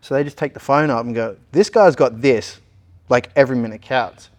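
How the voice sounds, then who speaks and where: A man's voice: medium pitch, fairly quick. A young Australian man telling a long personal story in a casual interview, acting out the lines of the people in it. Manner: animated retelling, acting out other people's lines. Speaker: interview guest.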